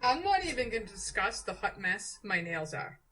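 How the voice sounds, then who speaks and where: A woman's voice: medium pitch, sing-song, normal speed, fairly bright tone, a little hiss or hum, rough recording. A middle-aged woman, co-hosting a casual chat, chatty and self-deprecating, laughing at herself. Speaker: podcast co-host, nurse.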